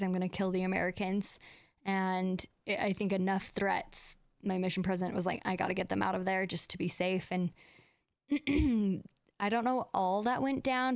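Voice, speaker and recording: A woman's voice: on the low side, smooth, no echo, clean studio sound. A young woman hosting a podcast, telling stories in a casual, chatty way with lots of "like" and acted-out dialogue. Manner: chatty, full of "like" and quoted dialogue. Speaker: podcast host. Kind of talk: casual storytelling chat.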